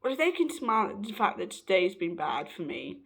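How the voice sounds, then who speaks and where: A man's voice: sits high, big pitch swings, brisk, gravelly, a bit bright, slightly rough. Upbeat trans man vlogging. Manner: chatty, upbeat pep talk with jokes. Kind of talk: casual talk to camera.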